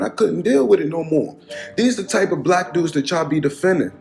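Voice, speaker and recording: A man in full rant, pushing his point again and again with rising insistence. His voice sits a bit high for a man and rings in a roomy space. A soft music bed runs underneath. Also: expressive, moderate pace, vocal fry. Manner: heated, emphatic, repetitive. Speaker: social media commentator. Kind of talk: ranting commentary video.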